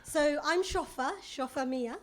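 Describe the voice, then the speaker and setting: A middle-aged female comedian talks to a live audience in a teasing, conversational way. Her voice sits fairly high for a woman. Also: a little slow, crowd noise. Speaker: stand-up comedian. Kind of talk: stand-up comedy.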